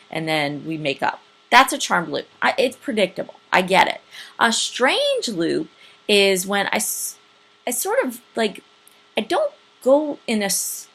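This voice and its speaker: A woman's voice: mid-range voice, vocal fry, fairly bright tone. A woman in her thirties giving a recorded college lecture in a casual, chatty way, with many fillers and restarts. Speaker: college communication instructor.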